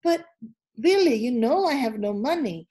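A lovesick, pleading young woman played by a woman telling a story, voice fairly high and earnest as she begs for a favor. Simple storybook delivery. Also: expressive, moderate pace, dark tone, breathy edge.

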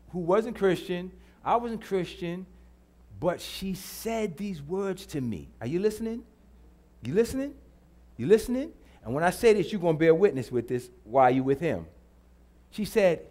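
A man's voice: sits high, darkish tone. A middle-aged man preaching a sermon in church, repeating his lines and calling out to the congregation. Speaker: pastor.

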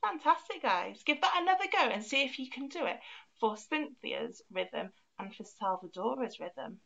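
A woman leads an online music lesson for young children, counting rhythms aloud and punching each first beat. Her voice sits a little high with a gravelly edge. The recording sounds dull and lo-fi. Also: animated, moderate pace, pushed and bright. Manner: encouraging, counts beats aloud with strong emphasis.

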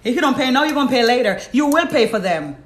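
A woman's voice: sits high, expressive, quick pace. Blunt Jamaican woman host, roomy echo. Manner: blunt, preachy, reads out viewer comments. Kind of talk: live-stream talk.

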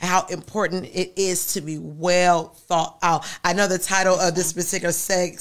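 A woman's voice: on the low side, flat delivery, moderate pace, few pauses. A woman pastor hosting an interview, encouraging and affirming her guest as she asks questions. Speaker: pastor and show host.

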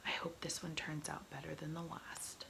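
A woman's voice: low voice, flat delivery, normal speed, vocal fry, rough recording. Woman whispering as a resolute ship captain. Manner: firm, clipped orders. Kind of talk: whispered role-play.

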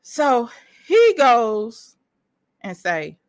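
A woman telling a personal story in an animated, emphatic way, speaking straight to her listeners. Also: fairly high pitch, drawn-out words. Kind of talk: casual storytelling monologue.

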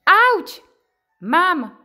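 A woman voicing a chirpy young male bunny in a storybook reading, calling out brightly. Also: on the high side, sing-song, slow, faint music behind, pitched above the performer's own voice, exaggerated voice.

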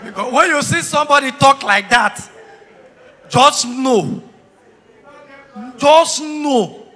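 Nigerian Pidgin stand-up man, very high and bright, slow and deliberate, loud teasing banter, booming hall echo. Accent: Nigerian Pidgin English. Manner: loud, teasing crowd banter with sudden shouts. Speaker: stand-up comedian. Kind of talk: live stand-up comedy. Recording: reverberant hall sound.

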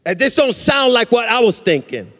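A man's voice: very high voice, sing-song, normal speed, fairly bright tone, pitched above the performer's own voice, exaggerated voice. A male pastor voicing a brash, cocky disciple who talks back in an offhand, dismissive way. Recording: reverberant church hall.

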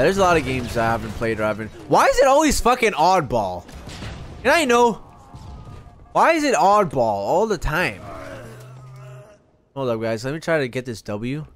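A man with a high voice that swings all over the place, hosting a live game stream. He talks to his viewers in an excitable rush, swearing constantly and breaking into silly chants. A faint hiss sits under his voice. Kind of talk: casual live gaming commentary.

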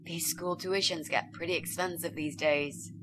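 A woman's voice: lowish voice, fairly even intonation, moderate pace, noisy background, lightly acted. An actress voicing a pushy young female student in a game, eager and bossy, sweetly fake when she performs. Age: young adult. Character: pushy chirpy young woman student, scheming. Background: game music.

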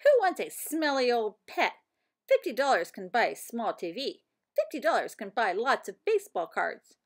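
A woman voicing a grumpy schoolboy who scoffs loudly at the idea of a class pet, in a storybook reading. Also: on the high side, very animated, moderate pace. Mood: grumbling. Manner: loud, scornful outbursts.

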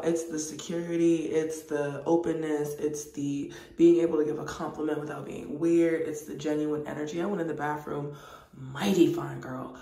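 A woman vlogger chatting casually to camera in an animated, profane way. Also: low-pitched, moderate pace, vocal fry. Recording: roomy, distant mic.

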